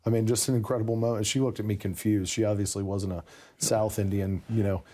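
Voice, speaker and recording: A man telling the story of his conversion in a casual interview, animated and self-interrupting, full of asides. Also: fairly low pitch, fast.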